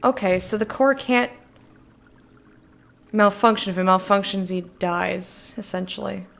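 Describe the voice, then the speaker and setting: A woman streamer chatting casually while playing a game, animated and swearing, laughing often. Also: mid-range voice, unhurried, gravelly. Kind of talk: casual let's-play chat.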